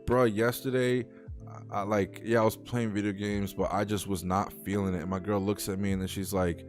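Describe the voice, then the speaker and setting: Low-voiced young man chatting casually. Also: fairly even intonation, fairly quick, faint music behind. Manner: heartfelt, swears freely, rambling. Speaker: talk show host. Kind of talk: casual livestream chat.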